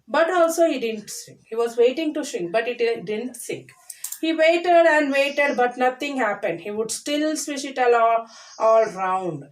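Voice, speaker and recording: A woman teacher reads a children's story aloud and explains it line by line, repeating and paraphrasing as she goes. Her voice is on the high side and animated. She sounds a little distant from the mic. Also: measured pace.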